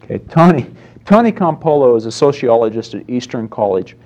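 Brief: male pastor, mid-pitched, chatty sermon delivery with story asides. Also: very animated, fairly quick, darkish tone. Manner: storytelling with acted-out quotes, conversational. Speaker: preacher.

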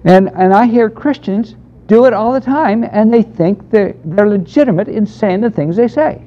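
A man's voice: high-pitched, normal speed, mellow. A man teaching a Bible class in a conversational, emphatic way, taking questions from the room. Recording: dull lo-fi lecture recording.

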